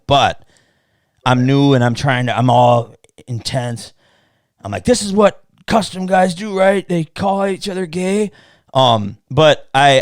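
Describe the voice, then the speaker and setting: A man hosting a casual podcast chat, telling stories loudly, cursing often, and mimicking people he quotes. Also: medium pitch, no echo, clean studio sound. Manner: profane, animated storytelling with mocking quoted voices. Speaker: podcast host.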